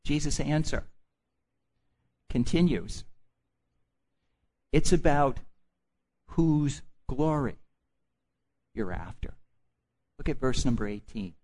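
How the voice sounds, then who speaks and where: A man's voice: medium pitch, lively intonation, takes it slowly, pauses often, dark tone. A man preaching a sermon emphatically, repeating his key phrases over and over.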